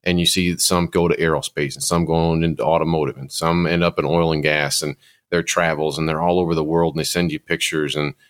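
A man who once taught welding, talking earnestly with halting restarts. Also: very deep voice, flat delivery. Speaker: former welding teacher. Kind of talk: reflective conversation.

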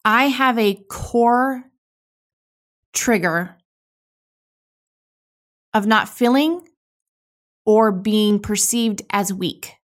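A woman in her thirties hosting a podcast, talking candidly and emotionally in a raw, halting way with frequent restarts. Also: mid-range voice, a bit bright. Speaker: podcast host. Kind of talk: candid solo podcast monologue.

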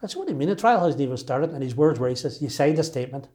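A man's voice: medium pitch, animated, fast talker, dark tone. A man from Derry in his sixties with a Derry accent, recounting his own story in an interview, emphatic and full of restarts. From Northern Ireland. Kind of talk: personal storytelling.

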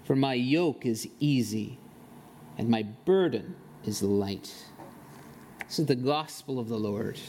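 A man's voice: medium pitch, slow, dark tone, a little hiss or hum. A man preaching a sermon as pastor of a church, reading scripture, leading a prayer and talking in a conversational way with playful asides. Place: church sanctuary.

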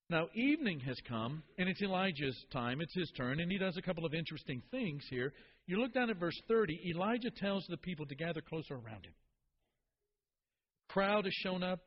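A man's voice: fairly high pitch, in a large hall, dull audio. A man preaching a sermon to his congregation, asking them questions and repeating key phrases for emphasis. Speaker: pastor.

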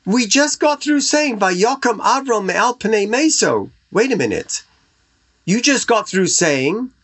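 A man's voice: high-pitched, a bit bright. A man giving a Torah lecture over a video call, asking rhetorical questions and weaving in Hebrew terms. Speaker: Torah teacher.

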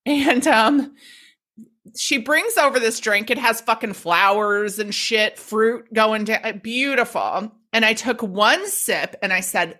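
A woman hosting a podcast, telling a story in a casual, profane, animated way and acting out the quotes. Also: fairly high pitch, moderate pace. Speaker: podcast host.

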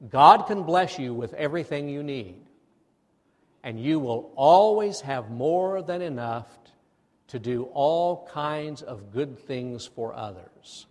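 A male pastor delivers a sermon in a church sanctuary. His voice carries a long hall reverb. He talks in a lively way and has the congregation repeat phrases after him. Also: mid-range voice, takes it slowly. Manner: animated, leads the congregation in call-and-response.

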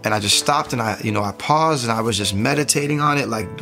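A young man shares his life story on a podcast in loose, everyday talk, full of restarts and quick asides. His pitch sits in an ordinary middle range, and faint music plays quietly under his voice. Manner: animated storytelling, rises when reliving the moment. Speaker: podcast guest. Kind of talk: testimony in casual talk.

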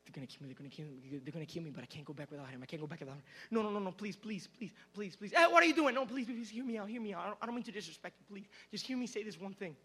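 A man's voice: sits high, animated, very fast, few pauses, sharp tone, breathy edge, exaggerated voice. A man acting out a desperate grown brother who pleads and repeats himself, begging for his youngest sibling.

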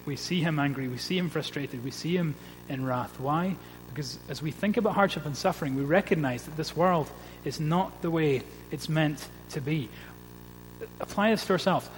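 Earnest preacher in an echoing church. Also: male voice, fairly high pitch. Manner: measured, earnest preaching with repeated refrains. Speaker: pastor and preacher. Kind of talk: sermon. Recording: long reverb with faint hum.

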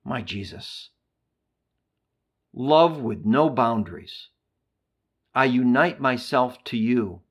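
A man's voice: mid-range voice, animated. A man reading a devotional meditation aloud in a solemn, prayerful way. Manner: slow, solemn and measured. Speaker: reader of a devotional text.

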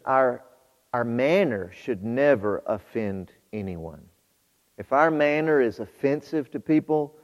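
A man preaching a sermon, shifting between quiet storytelling and loud, fervent exhortation to his congregation. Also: medium pitch. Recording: muffled hall with long reverb.

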